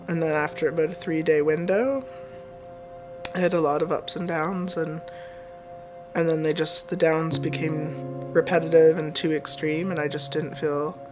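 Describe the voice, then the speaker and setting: Man, higher pitch, flat and reflective; guitar music underneath. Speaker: parent sharing their story. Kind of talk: documentary testimony.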